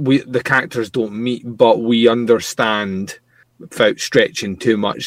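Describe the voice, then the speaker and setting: A man co-hosting a casual TV review podcast, excitable and swearing freely. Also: mid-range voice, no room sound. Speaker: podcast co-host.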